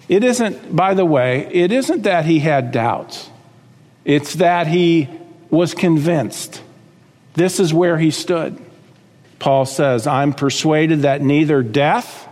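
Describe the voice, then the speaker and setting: A man's voice: a little high, darkish tone. Emphatic male preacher in a reverberant church. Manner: emphatic preaching with rhetorical questions. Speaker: pastor. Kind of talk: sermon.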